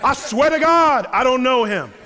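A preacher voicing the disciple Peter as a panicky man, swearing denials in excited, slangy bursts. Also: very high-pitched, normal speed, a little hiss or hum, pitched above the performer's own voice, full character voice. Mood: frantic. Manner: excited, slangy, breathless protesting. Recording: long hall reverb.

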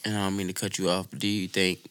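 A man co-hosting a casual podcast chat, asking long, winding questions with an animated delivery. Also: deep voice, very fast, clear, resonant tone. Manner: animated, questioning, laughs often.

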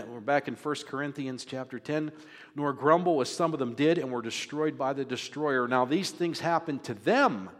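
A man's voice: medium pitch, long reverb tail. A male pastor giving a sermon in a conversational, joking manner. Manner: conversational, jokes with the congregation.

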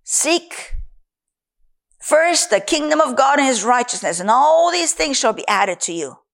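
A woman preaching a sermon and quoting scripture, slow and emphatic. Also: high-pitched, lively intonation, fairly bright tone.

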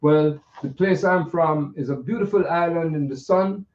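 An older man tells stories from his life in a playful, rambling way, often circling back on a word before landing it. His voice sits a bit high. He sounds set back from the mic in an echoey room. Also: normal speed, darkish tone, distant mic, muffled recording. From Jamaica. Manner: playful, rambling storyteller with repeated restarts. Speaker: pianist. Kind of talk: reminiscing monologue.

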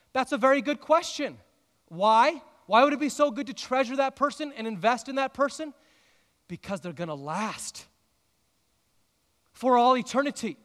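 A man preaching a sermon as pastor, earnest, with emphatic rises and drawn-out pauses. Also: very high voice, animated, a bit bright. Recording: long hall reverb.

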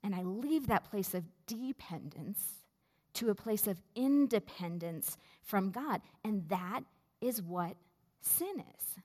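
A woman pastor preaching a sermon in a slow, measured way with deliberate pauses. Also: medium pitch, lively intonation, darkish tone. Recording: long reverb of a large hall.

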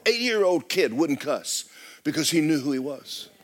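A man preaching a sermon as pastor, swinging from loud exclamations to hushed, near-whispered lines. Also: a little high, lively intonation, moderate pace.

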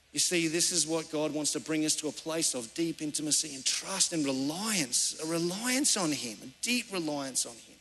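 Pastor guy preaching, earnest storytelling, sharp tense tone. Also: a little high, moderate pace, hardly any pauses, slight background noise. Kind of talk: sermon. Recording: reverberant church hall.

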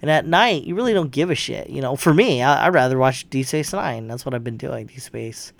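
A man's voice: mid-range voice, animated, fairly quick, vocal fry. A man hosting a podcast, retelling a film in a rambling, profane way with lots of fillers and restarts. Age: adult with a young child. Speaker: podcast host. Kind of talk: casual spoken movie recap.

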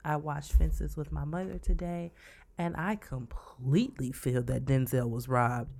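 Gravelly-voiced woman, slangy casual chat. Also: low-pitched, flat delivery, measured pace, dark tone. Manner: slangy, laughing, talks over her co-host. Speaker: podcast co-host.

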